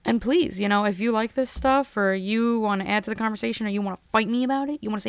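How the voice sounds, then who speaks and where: A woman's voice: medium pitch, fast talker, few pauses, clear, resonant tone, no echo. Rambling, heartfelt woman podcaster. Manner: rambling, heartfelt, with many restarts. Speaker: podcast host. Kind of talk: casual solo podcast chat. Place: home podcasting corner.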